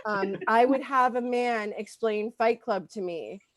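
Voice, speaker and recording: A woman's voice: on the high side, unhurried, crowd noise. A woman doing a stand-up comedy set, rambling with lots of ums and likes.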